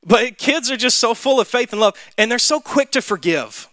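A man's voice: high-pitched, fairly quick, hardly any pauses, sharp tone, no room sound. A young man from Mississippi, telling a personal story in a sermon with many fillers. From Mississippi, USA. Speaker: church speaker. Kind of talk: sermon testimony.

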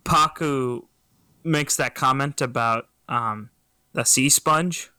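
A man's voice: mid-range voice, slow pace, sharp tone, clear, resonant tone, dry recording. A man co-hosting a casual podcast chat in a playful, teasing way. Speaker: podcast co-host.

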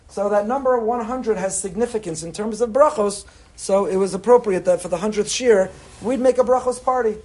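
A man's voice: high-pitched, a little mellow. A man, a rabbi, giving a chatty Torah class to a live group, mixing in Hebrew terms. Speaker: rabbi teaching a weekly class. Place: room with a breakfast crowd.

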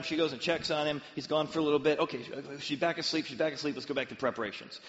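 A man's voice: a little high, quick pace, in a large hall, muffled recording. A man preaching a sermon, telling stories and sometimes acting out the voices of the people in them. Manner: storytelling with lively acted-out voices. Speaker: pastor.

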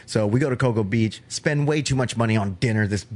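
A man's voice: mid-range voice, a little fast. A man hosting a podcast, chatting casually and telling a story with easy laughs. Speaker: podcast host.

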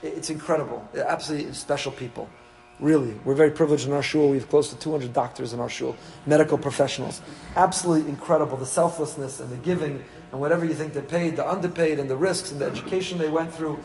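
A man's voice: fairly high pitch, fairly even intonation, quick pace, vocal fry, a little mellow, poor audio. A man, a rabbi giving a Torah class to his congregation, mixing Hebrew terms into English.

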